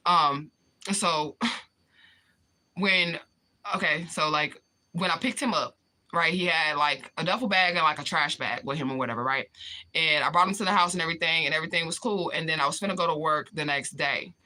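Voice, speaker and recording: A woman live-streaming her personal stories with a very bright, forward voice. She talks casually and profanely, answers her viewers and gets animated as she tells the stories. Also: low voice, moderate pace. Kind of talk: casual storytelling vlog.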